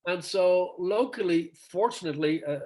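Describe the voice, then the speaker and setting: A man's voice: sits high, moderate pace, a little mellow. A middle-aged male rock singer telling stories in a casual interview over a video call, acting out quoted dialogue and laughing often.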